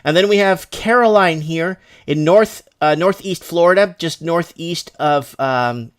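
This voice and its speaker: A man from Canada hosting a loose livestream, his voice sitting a little high for a man. He rambles, restarts sentences and reads viewer emails aloud. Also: a little slow, smooth. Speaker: host. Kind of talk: casual livestream commentary.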